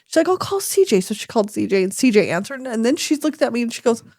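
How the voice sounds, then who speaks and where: A woman's voice: quick pace, no room sound, studio quality. A woman in her forties co-hosting a podcast, telling a story in casual chat and acting out the quotes. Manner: animated storyteller, acts out quotes with big pitch jumps. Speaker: podcast co-host.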